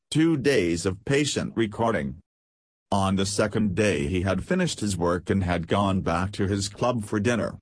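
A man narrating a story in a measured, even audiobook reading. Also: fairly low pitch, husky, dry recording.

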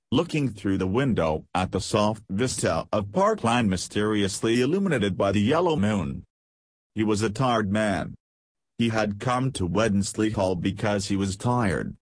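Low, husky male audiobook narrator. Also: no echo. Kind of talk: scripted narration of a novel.

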